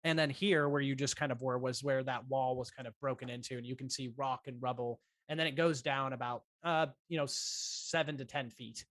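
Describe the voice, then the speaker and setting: A man's voice: medium pitch, fairly even intonation, fairly quick, hardly any pauses, fairly bright tone, no room sound. A man narrating as game master of a tabletop game, describing scenes with many ums and uhs. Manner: hesitant, full of ums and uhs.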